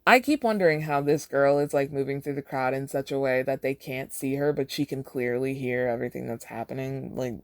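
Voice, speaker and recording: Chatty host reading fan fiction, wry commentary; dry, close, mid-pitched voice. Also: a little fast, hardly any pauses, dry recording. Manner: wry, chatty asides with laughs. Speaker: podcast host.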